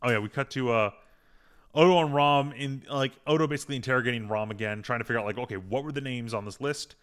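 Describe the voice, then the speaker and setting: Man, podcast host, loose recap talk, filler hums, bright clear tone. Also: medium pitch, quick pace. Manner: rambling, retells scenes with filler hums. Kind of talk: casual episode recap chat.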